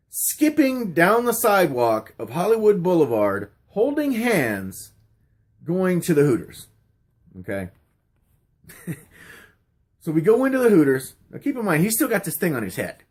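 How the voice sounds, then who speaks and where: A man's voice: high voice, wildly swooping pitch, measured pace, long pauses, slightly rough. A middle-aged man casually telling stories and answering questions on his channel, rambling with many fillers and restarts. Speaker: YouTuber answering a question tag. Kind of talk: casual storytelling vlog.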